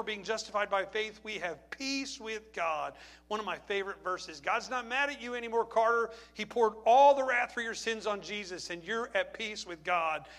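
A middle-aged male pastor delivering an impassioned sermon, climbing to near-shouts and then dropping low and quiet.

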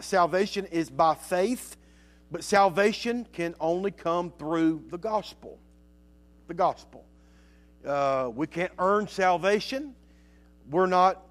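A man with a slightly high voice preaches a sermon, reading scripture slowly and emphatically and slipping into soft asides in between.

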